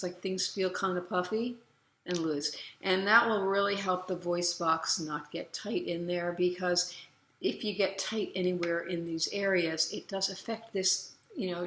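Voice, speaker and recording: A middle-aged woman voice teacher giving a casual lesson, relaxed and chatty, breaking into loud vocal demonstration sounds. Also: fairly low pitch, roomy sound, slight background noise.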